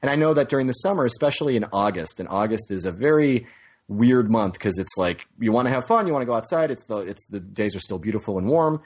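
A man's voice: lowish voice, lively intonation, quick pace, a little mellow. A man co-hosting a podcast in casual chat, joking, teasing and rambling. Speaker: podcast co-host.

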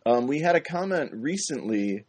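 A man's voice: mid-range voice, big pitch swings, moderate pace, darkish tone, breathy edge. A man co-hosting a podcast in casual chat, talking earnestly and laughing easily. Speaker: podcast co-host.

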